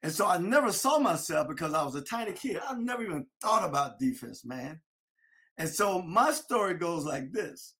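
A man telling a lively story about his youth football days, acting out his old coach. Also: on the high side, normal speed. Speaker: former football player. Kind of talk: storytelling interview.

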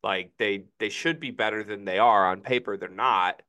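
A young man co-hosting a relaxed sports podcast. His voice sits a bit low. He weighs his takes out loud and often admits he isn't sure. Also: moderate pace. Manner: hedging, thoughtful, many "I don't know"s. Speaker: podcast co-host. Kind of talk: casual sports podcast chat.

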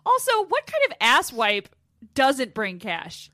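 A woman's voice: high voice, huge pitch swings, takes it slowly, sharp tone, dry recording, clean studio sound. A woman co-hosting a podcast in casual comedic chat, laughing often, swearing and telling stories with animation. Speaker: podcast co-host.

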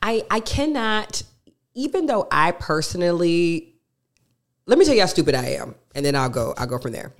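A woman's voice: fairly low pitch, sing-song, moderate pace. A woman from co-hosting an advice podcast, emphatic and chatty, repeating her key points. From Athens, Georgia, US. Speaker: podcast co-host. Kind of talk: casual advice chat.

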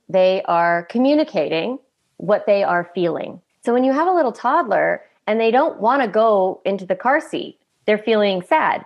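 A woman's voice: medium pitch, lo-fi sound. A middle-aged woman, a parenting coach, talking in a podcast interview and acting out parents' voices as she explains. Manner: animated, acts out parents' voices in quotes.

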